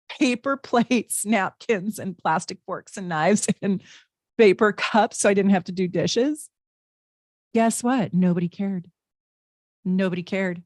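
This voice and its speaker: A woman's voice: on the low side, darkish tone, no echo. A middle-aged woman giving a live tarot reading in a chatty, emphatic way, blunt and sometimes swearing. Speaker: astrologer and tarot reader.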